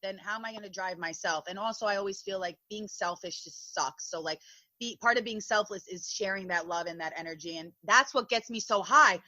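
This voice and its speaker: A woman's voice: medium pitch, fairly quick, sharp tone, no room sound. A woman guest comedian from Long Island, talking in a casual podcast chat, gushing and emotional, often laughing and tearing up. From Long Island, New York.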